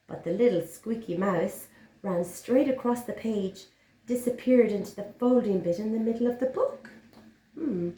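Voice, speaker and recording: A woman's voice: mid-range voice, lively intonation, normal speed, warm tone. A woman teaching young children, encouraging and sing-song as she reads a picture book aloud. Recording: roomy echo.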